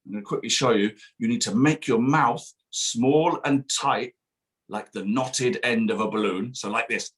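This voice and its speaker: A children's author with a mid-range voice reads his own picture book to kids at a bookshop event streamed online, speaking at a moderate pace. He's playful and sing-song, showing off silly noises as he goes.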